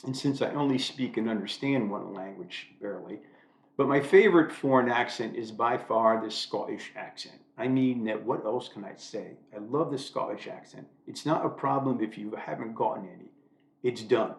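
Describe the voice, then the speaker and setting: A man's voice: mid-range voice, normal speed, vocal fry. Dry-humored older American man. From United States. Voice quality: dry, self-deprecating humor. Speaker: vlogger. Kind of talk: wry monologue to camera. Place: room at home. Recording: echoey room.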